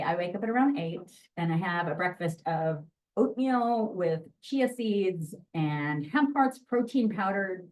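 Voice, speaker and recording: A woman audiobook narrator giving a lively, chatty presentation about her work to an audience in a lecture room. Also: lowish voice, distant mic, rough recording. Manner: lively, chatty, jumps into voice demos.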